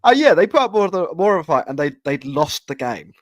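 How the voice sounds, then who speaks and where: A man's voice: fairly high pitch, sing-song, fast, no room sound, studio quality. A man hosting a podcast in casual chat, joking and laid-back, with plenty of fillers. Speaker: podcast host.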